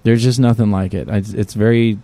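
A man co-hosting a casual podcast, talking in a rambling, halting way with many restarts. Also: fairly low pitch, fairly even intonation, mellow. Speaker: podcast co-host. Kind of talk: casual chat.

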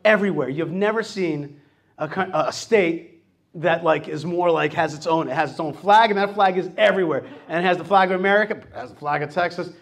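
A man talks as host of a radio show, telling stories with energy and acting out other people's lines. His voice sits fairly high for a man. He is middle-aged and casual. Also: fairly quick. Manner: animated storytelling, acts out quotes.

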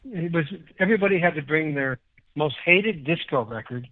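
An older man from Chicago, a guest musician, telling rambling, animated anecdotes in a casual interview. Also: on the high side, normal speed. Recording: tinny phone-like line.

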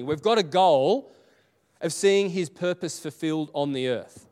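A man's voice: fairly high pitch, normal speed, a little mellow. A middle-aged man preaching a sermon in a church auditorium, telling stories in a conversational way with many restarts and acted-out quotes. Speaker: pastor. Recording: reverberant church hall.

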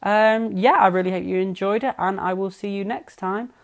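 A woman's voice: medium pitch, fairly even intonation, moderate pace. A young woman hosting a casual podcast, recapping a TV episode in a chatty, sarcastic way, swearing freely and wandering onto tangents. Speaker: podcast host.

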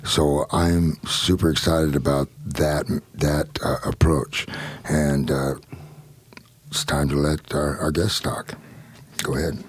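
A man hosting a podcast in casual chat, rambling and halting with many restarts. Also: very deep voice, flat delivery, breathy edge, no echo. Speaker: podcast host.

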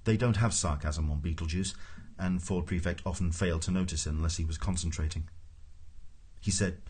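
A man's voice: sits low, fairly even intonation, fairly quick, darkish tone, breathy edge. A man reading a comic novel aloud in scripted narration, with a dry, wry storytelling manner. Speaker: audiobook narrator.

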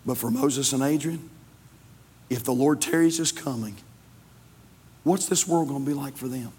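A man, a pastor preaching a sermon in a church, swinging between loud fervor and hushed tones. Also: mid-range voice, normal speed, slightly rough, in a large hall. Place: church sanctuary.

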